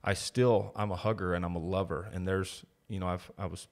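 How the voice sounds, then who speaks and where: Very deep-voiced man telling his story. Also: fairly even intonation, brisk. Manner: candid, reflective storytelling with quoted voices. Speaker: podcast guest. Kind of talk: casual conversation.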